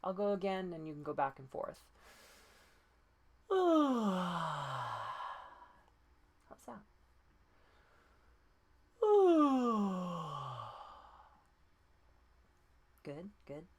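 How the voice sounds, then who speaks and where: A woman voice coach leading breathing and pitch exercises, patient and encouraging, often demonstrating breathy sighs. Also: quick pace, few pauses, a little mellow, slight background noise. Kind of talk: guided voice exercise lesson.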